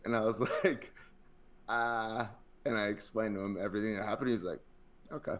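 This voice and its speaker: Deep-voiced man rambling through a story. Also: rapid-fire. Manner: rambling, filler-heavy anecdotes with laughter. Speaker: podcast co-host. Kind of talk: casual chat.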